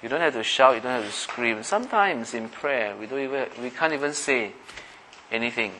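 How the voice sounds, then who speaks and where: Bright-voiced pastor preaching. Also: male voice, medium pitch, lively intonation, fairly quick, slight background noise, poor audio. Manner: conversational, asks the listeners questions, acts out everyday voices. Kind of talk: sermon.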